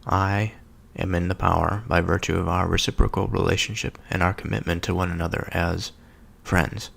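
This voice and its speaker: Very deep, gravelly man musing slowly. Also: level tone, a bit bright. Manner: slow, halting, with many pauses and fillers. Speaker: solo speaker reflecting on scripture. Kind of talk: contemplative scripture reading and reflection.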